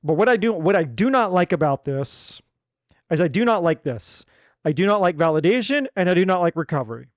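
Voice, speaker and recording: A man giving a live tarot reading in a blunt, animated, slangy way. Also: high-pitched, brisk, no echo, lo-fi sound. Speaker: tarot reader.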